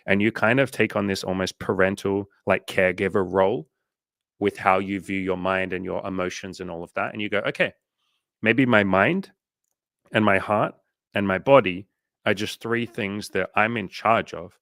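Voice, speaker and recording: Aussie guy on a livestream, deep and gravelly, swears a lot, chatty coaching vibe. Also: fairly even intonation, normal speed, fairly bright tone, dry recording, studio quality. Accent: Australian. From Australia. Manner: swears freely, acts out inner voices.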